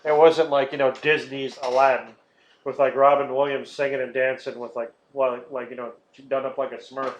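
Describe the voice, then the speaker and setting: Rambling, foul-mouthed podcast co-host. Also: male voice, medium pitch, little pitch movement, moderate pace, a little hiss or hum. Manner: rambling, profane, laughs often. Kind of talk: casual chat. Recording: roomy, dull lo-fi sound.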